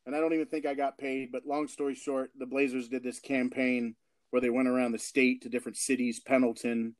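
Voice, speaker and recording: A man from Portland hosting a casual interview, telling animated stories and laughing often. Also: medium pitch, fairly quick, dry recording. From Portland, Oregon. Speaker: host.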